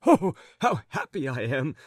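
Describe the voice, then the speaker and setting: A man's voice: on the high side, very animated, measured pace, dry recording, studio quality. A man voicing a flustered, jealous husband who stammers and fawns as he babbles on. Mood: flustered fawning.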